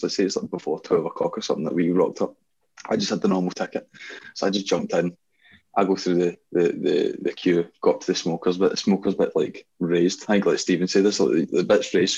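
A young man tells rambling stories in relaxed chat, packed with "like" and quick laughs. His voice sits low and husky, and the recording sounds dull and lo-fi. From Scotland. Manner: rambling storyteller, laughs often, many fillers. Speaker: guest DJ. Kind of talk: casual chat.

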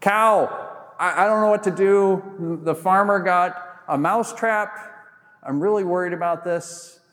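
A man acts out a frightened little mouse from a farmyard fable, his voice lifted high and squeaky. He frets and pleads breathlessly with the other animals. The words ring out through a reverberant church. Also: a little slow, a bit bright. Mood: worried. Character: small anxious male mouse.

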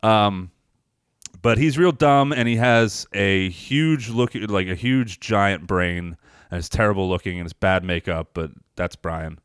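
A man's voice: lowish voice, a little slow, clear, resonant tone, no echo, studio quality. A man co-hosting a film podcast in casual chat, rambling, swearing freely and animatedly retelling scenes. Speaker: podcast co-host reviewing films.

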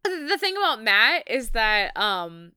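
Podcast co-host, woman, slow, crisp bright voice, chatty with frequent laughs. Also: on the high side, very animated, no echo, clean studio sound. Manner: chatty, laughs often, many restarts. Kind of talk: casual chat.

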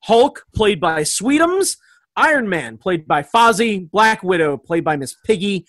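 A man in a casual comedic chat, talking excitedly and rambling, laughing often. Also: high-pitched, a little slow, no echo.

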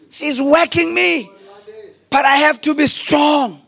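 A man preaching a sermon in an impassioned, sing-song cadence, swinging between shouts and hushed tones. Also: very high-pitched, takes it slowly, gravelly.

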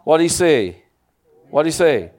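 Man, pastor, lively sermon, high-pitched voice, acts out quotes. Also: unhurried. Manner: animated preaching with acted-out quotes and audience call-and-response.

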